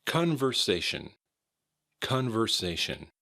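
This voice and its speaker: Slow, deep-voiced American man teaching. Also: big pitch swings, vocal fry, sharp tone. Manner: slow, deliberate, repeats and spells words out. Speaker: pronunciation teacher. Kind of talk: slow instructional drilling.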